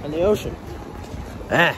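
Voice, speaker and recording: A man's voice: a little high, lively intonation, a little slow, a crowd in the background. A young man chatting casually in a travel vlog, upbeat and easygoing, walking outdoors with a handheld camera. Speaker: travel vlogger. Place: outdoors in a town. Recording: loud outdoor street noise.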